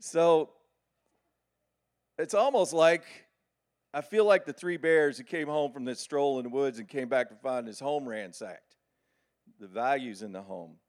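Animated folksy preacher man. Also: medium pitch, unhurried, pauses often. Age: middle-aged. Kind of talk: sermon.

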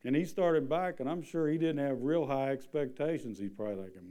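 A man's voice: mid-range voice, a little fast, few pauses, mellow. A man preaching a sermon, reading scripture and then building to an impassioned appeal. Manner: reads scripture, then preaches with rising intensity.

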